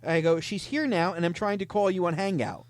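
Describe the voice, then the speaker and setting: A man's voice: high voice, fairly quick, dry recording. A man hosting a comedy show, telling a story and reading chat messages aloud in a playful, mock-dramatic way. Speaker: podcast host reading scam chats.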